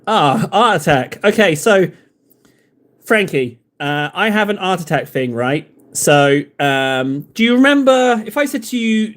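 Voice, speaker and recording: Brief: slightly high-voiced male streamer, chatty, rambling, jokey, talking to viewers as he paints. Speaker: miniature-painting live streamer. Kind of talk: casual live-stream chat while painting.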